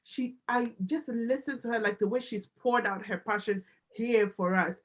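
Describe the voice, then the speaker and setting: A woman in her thirties, a business analyst and immigration adviser, talking excitedly as a guest on a livestream and often repeating herself for emphasis. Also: fairly high pitch, normal speed, a little hiss or hum, poor audio.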